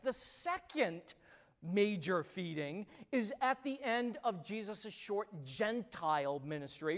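A pastor preaching a sermon, speaking emphatically and addressing the congregation directly, with lots of repetition. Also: medium pitch. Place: church sanctuary. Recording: long reverb of a large church hall.

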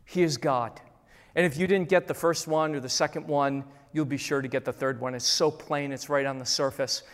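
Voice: medium pitch, fairly even intonation, a little fast. Dramatic preacher in a reverberant hall. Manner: dramatic, acts out quoted voices, repeats key lines. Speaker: pastor. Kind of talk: sermon.

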